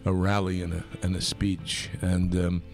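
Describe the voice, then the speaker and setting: A man from New York hosting a talk radio show, delivering a rambling, opinionated monologue that gets more animated as he goes. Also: moderate pace, creaky, soft background music. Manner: animated, rambling, pitch climbs when worked up.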